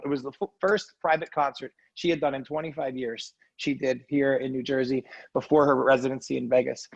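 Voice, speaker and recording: Guy pouring his heart out in an interview, raspy husky voice, dull dry recording. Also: mid-range voice, dry recording. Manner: earnest, emotional, quick asides like "right?". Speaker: interview guest. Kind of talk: heartfelt casual storytelling.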